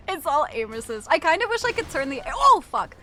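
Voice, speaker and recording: A woman's voice: high voice, bright, forceful tone, slight background noise. A young woman streaming a video game, chatting casually to her viewers, giggly and self-mocking, swearing freely. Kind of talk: casual gaming stream chat.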